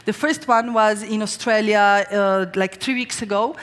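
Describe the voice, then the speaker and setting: Woman chef, slovene native, rambling stage demo, mid-pitched, big hall echo. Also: measured pace. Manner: chatty, storytelling with filler words and restarts. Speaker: chef giving a stage cooking demonstration. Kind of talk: live stage cooking demo and talk. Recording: live hall with long reverb.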